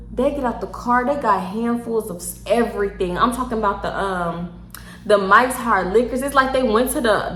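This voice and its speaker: A woman with a Houston accent telling a story casually to her viewers, animated, slangy and quick to laugh. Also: mid-range voice. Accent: Southern US, Houston. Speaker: storytime vlogger. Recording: echoey room.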